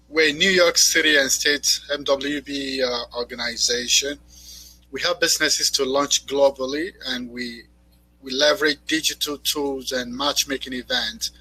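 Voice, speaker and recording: A middle-aged man opening a conference panel as moderator, speaking in a halting way with many fillers and repeated words. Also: mid-range voice, pushed and bright, breathy edge, poor audio. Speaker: panel moderator and expo organizer.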